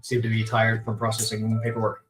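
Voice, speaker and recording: A man's voice: lowish voice, completely flat delivery, brisk, low-quality recording. A man playing a tabletop role-playing game, giving short, dry replies, partly in character. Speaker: player.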